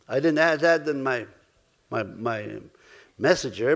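A middle-aged man preaching a sermon, halting and repeating himself, swinging between loud exclamations and soft asides. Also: medium pitch, expressive, vocal fry. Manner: halting, repeats words and restarts.

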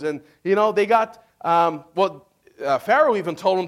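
Brief: high-pitched male pastor, casual and joking, preaching a sermon. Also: normal speed. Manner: casual, joking storyteller asking "amen?".

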